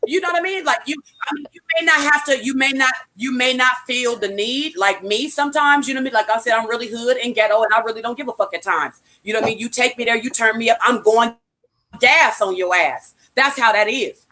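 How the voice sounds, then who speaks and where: A woman from California speaks at a rapid clip, her voice sitting a little high. She is blunt and profane, hammering her points home and repeating key phrases like a preacher in a casual motivational talk. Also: pushed and bright.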